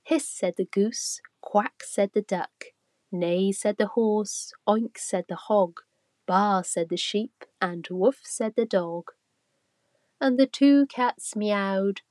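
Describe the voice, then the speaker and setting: A woman reading a rhyming children's story aloud, slow and expressive. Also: mid-range voice, dry recording.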